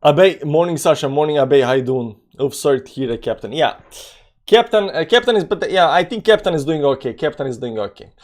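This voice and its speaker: A man with a somewhat high voice hosts a relaxed live stream. He drifts between chatting with viewers and muttering through chart lines. His non-native English is full of fillers, repeated phrases and half-finished thoughts. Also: brisk. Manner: loose and rambling, many fillers, greets chat viewers. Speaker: crypto trading live-streamer.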